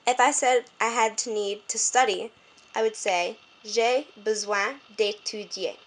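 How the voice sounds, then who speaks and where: Woman tutoring French, patient and slow. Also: fairly high pitch, poor audio. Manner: explains step by step, slows down to spell out French phrases; corrects herself often. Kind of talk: homemade tutoring lesson.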